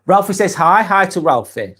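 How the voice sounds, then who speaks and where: Hosting a casual live stream, a fatigued Lancashire man from England reads out comments and answers them warmly. His voice is high-pitched with a breathy edge, and his chat is unhurried and loose, full of ums and restarts.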